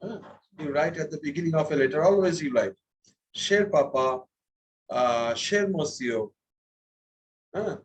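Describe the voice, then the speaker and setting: In a rough recording with a little hiss or hum, an Indian man leads a class through a French lesson. His voice is high for a man and slow, expressive and patient, as he repeats words and makes sure students keep up.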